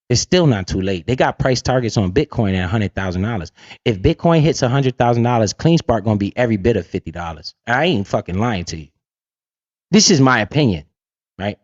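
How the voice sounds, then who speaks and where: A man's voice: mid-range voice, no echo. A man hosting a casual livestream, swaggering and profane, tossing in "right?" again and again. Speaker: livestream host. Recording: dull lo-fi dry sound.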